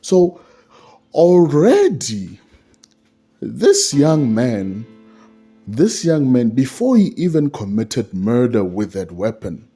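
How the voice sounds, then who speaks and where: A man's voice: mid-range voice, dark tone, slightly rough. A man giving a solo commentary on a court case, repeating his points and asking rhetorical questions.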